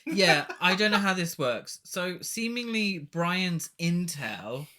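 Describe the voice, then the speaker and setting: A man's voice: high-pitched, animated, takes it slowly, sharp tone. A man co-hosting a podcast, reviewing a bad film in a sweary, exasperated, joking way. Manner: sweary, exasperated ranting with laughs. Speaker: podcast co-host. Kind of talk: casual film review chat.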